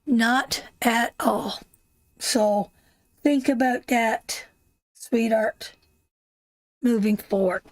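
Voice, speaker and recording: Slow, affectionate woman tarot reader. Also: fairly high pitch, no room sound. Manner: affectionate, calls viewers sweetheart and my darling; emphatic, repeats phrases over and over. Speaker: tarot reader hosting a live stream. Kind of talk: live tarot reading, answering viewers.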